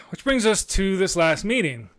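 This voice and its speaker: A man in his thirties hosts a podcast and rants about the news, animated and sarcastic, swearing when he gets riled up. His voice sits a bit high for a man and comes through smooth and resonant. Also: a little slow, no echo, clean studio sound. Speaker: podcast host. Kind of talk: ranting political podcast.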